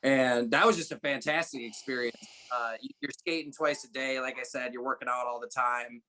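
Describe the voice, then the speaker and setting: A young man, a former college hockey player, telling stories in a relaxed podcast chat with many fillers and restarts. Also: mid-range voice, normal speed. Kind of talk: casual interview chat.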